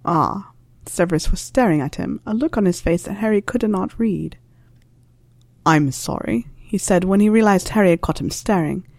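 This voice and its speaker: A woman narrating a story in a calm, even reading voice. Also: medium pitch, a little fast, few pauses, no room sound.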